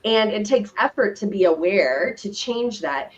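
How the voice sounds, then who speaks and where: Woman, middle-aged, slow and thoughtful talk, co-host, dull lo-fi stream sound. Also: medium pitch, lively intonation. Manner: slow, reflective, affirming. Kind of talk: casual conversational chat.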